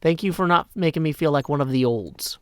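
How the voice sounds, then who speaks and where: A man's voice: on the high side, brisk, smooth, no echo. Chatty man streaming a game. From Nashville, Tennessee. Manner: chatty, self-deprecating, often drops to a hushed mutter. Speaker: gaming streamer. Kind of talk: casual live gameplay commentary.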